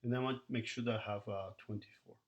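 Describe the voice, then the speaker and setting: A man's voice: lowish voice, steady tone, racing, dull audio. A man teaching a recorded math lesson, talking to students as he works through problems and counts the numbers aloud.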